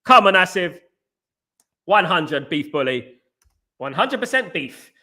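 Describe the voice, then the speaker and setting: A man hosting a football fan live stream, bantering and giving shout-outs to viewers in the chat. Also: high-pitched, big pitch swings, slow pace. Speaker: host.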